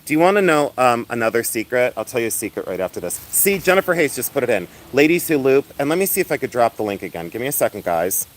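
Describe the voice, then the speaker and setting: Host: flamboyant man, loud and chatty, live-streaming from outdoors, mid-pitched voice, laughs a lot. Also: sing-song, fast talker, hardly any pauses. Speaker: livestream host selling and showing jewelry. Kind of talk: casual livestream chat. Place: outdoors in the sun.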